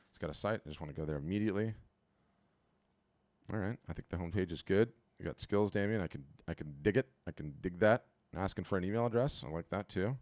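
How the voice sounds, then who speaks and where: A low-voiced man hosts a live webinar over a video call from home, his mic close and dry. He talks in an animated, chatty flow, often repeating himself and restarting sentences as he gives his feedback on the fly. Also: quick pace, no room sound. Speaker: webinar host auditing artist profiles. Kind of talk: casual live webinar commentary.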